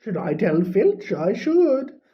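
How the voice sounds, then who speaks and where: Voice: mid-range voice, big pitch swings, takes it slowly. A reader voicing a mischievous male poltergeist who taunts in a singsong voice, in a slightly muffled recording. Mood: taunting.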